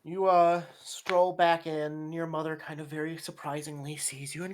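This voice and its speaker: A woman's voice: low-pitched, little pitch movement, normal speed, hardly any pauses, a little mellow. A woman narrating as game master in a casual tabletop session, with fillers and frequent laughs.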